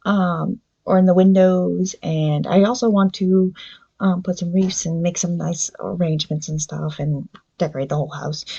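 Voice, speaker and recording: A woman's voice: on the low side, creaky, mellow, dull audio. A woman hosting a book review podcast, chatting loosely with many ums and briefly acting out characters' lines. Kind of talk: casual solo book review.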